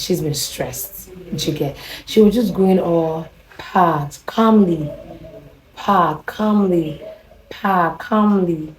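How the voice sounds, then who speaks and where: Low-voiced Nigerian woman, roomy echo. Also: dark tone, a little hiss or hum. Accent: Nigerian English. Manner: chatty, confiding, repeats herself. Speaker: vlogger. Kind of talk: casual storytelling to camera.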